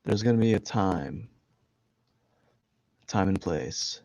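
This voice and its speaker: A man's voice: on the low side, slow, a little mellow, dry recording, lo-fi sound. A man chatting casually on a live drawing stream, rambling and jokey, laughing at himself. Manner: rambling, jokey, self-deprecating, laughs a lot. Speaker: streaming artist. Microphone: headphones and desk mic.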